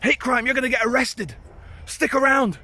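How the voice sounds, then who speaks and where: A man voicing a stocky, indignant male security guard with an imitated Eastern European accent, repeating shouted accusations. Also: very high voice, moderate pace, voice pushed up, exaggerated voice. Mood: outraged accusing.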